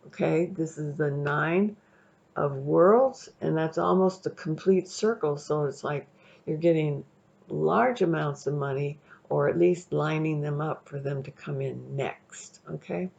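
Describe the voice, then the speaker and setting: A woman's voice: low-pitched, vocal fry, mellow. A woman giving a casual, chatty tarot reading, rambling a little and often checking in with the listener. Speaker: tarot reader. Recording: dull lo-fi recording.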